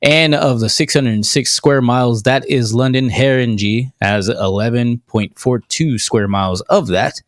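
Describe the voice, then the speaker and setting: An American man with a mid-pitched voice co-hosts a casual podcast. He reads out facts and figures and slips in dry jokes along the way. His voice is recorded close up in a dry room with no echo. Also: measured pace, few pauses. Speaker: podcast co-host. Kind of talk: casual chat.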